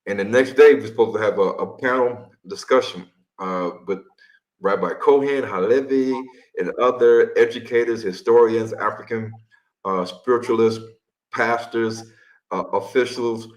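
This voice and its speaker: A man with a fairly low voice tells a story casually, lively and full of repeated words and acted-out quotes. The recording has a roomy echo. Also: moderate pace. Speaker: tour leader and guest speaker. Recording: echoey room.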